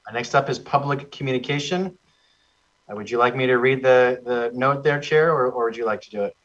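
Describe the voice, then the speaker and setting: A man on county staff formally reading meeting procedure with a measured manner. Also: mid-range voice, fairly bright tone. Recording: distant muffled meeting audio.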